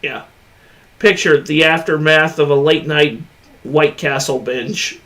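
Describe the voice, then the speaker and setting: A man in a casual reaction chat, cracking deadpan jokes and laughing often. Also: on the high side, takes it slowly.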